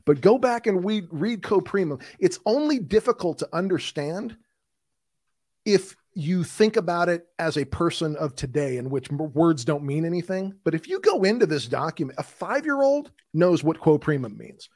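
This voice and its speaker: A man co-hosting a podcast in casual chat, giving emphatic opinions in an animated way. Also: on the high side, normal speed, no room sound. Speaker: podcast co-host.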